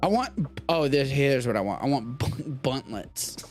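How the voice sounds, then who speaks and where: A man's voice: medium pitch, expressive, normal speed, faint music behind. A young man from Texas hosting a live stream, chatting casually and riffing with profanity. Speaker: host of a live streamed show.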